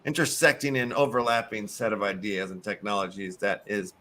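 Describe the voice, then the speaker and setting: Chicago guy hosting, reads articles out loud, swears a lot, trips on big words. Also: fairly low pitch, fairly even intonation, normal speed, few pauses. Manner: profane, stumbles over long words. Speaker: show host. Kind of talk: casual chat reading articles aloud.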